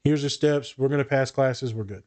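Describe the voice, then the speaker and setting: A man's voice: medium pitch, moderate pace, a little mellow. Guy therapist on a podcast, swears a lot, blunt, just telling stories. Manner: blunt and profane, tells client stories. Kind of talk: casual podcast chat.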